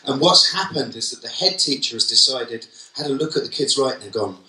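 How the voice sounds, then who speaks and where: A man's voice: mid-range voice, expressive, fairly quick, hardly any pauses, bright, forceful tone, recorded from a distance. A man with a Cockney accent giving a humorous keynote talk, telling stories and acting out what people say. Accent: London Cockney. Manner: humorous storyteller, acts out quotes. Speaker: keynote speaker. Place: conference hall. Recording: echoey hall, voice from afar.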